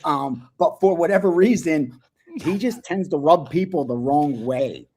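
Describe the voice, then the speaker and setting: Man, husky voice, blunt, animated betting talk. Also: a little high, measured pace. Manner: animated, blunt, swears casually. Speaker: sports betting analyst.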